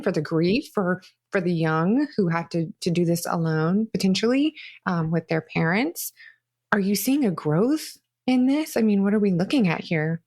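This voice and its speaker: A woman's voice: fairly low pitch, a little mellow. A young woman co-hosting a podcast, asking rambling, eager interview questions of her guest. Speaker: podcast co-host.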